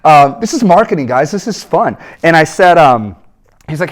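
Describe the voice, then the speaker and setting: A man in his thirties gives an energetic coaching talk about sales. His voice sits a little high for a man. He tells the story with lively swings in pitch and puts on quick voices for the people in it. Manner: animated storytelling, acts out quoted voices. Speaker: business coach.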